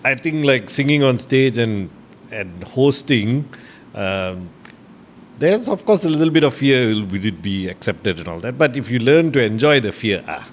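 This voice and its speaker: Man, Malaysian English accent, interview host, chatty, medium pitch, faint noise. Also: very animated, moderate pace. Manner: chatty, with frequent short backchannels. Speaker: podcast host. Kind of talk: casual interview chat.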